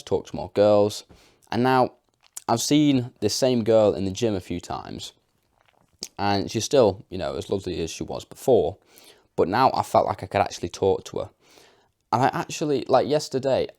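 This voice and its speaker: Young guy rambling a story to camera, deep voice, dead dry sound, lots of likes and you knows. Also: lively intonation, normal speed, darkish tone, dry recording. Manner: chatty, filler-heavy, self-deprecating. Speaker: vlogger.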